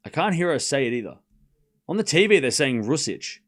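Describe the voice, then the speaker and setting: Very animated and fairly quick, an Australian man with a mid-range voice hosts a live tennis watchalong. He chats casually, plays around by repeating words, and reacts to what his chat says.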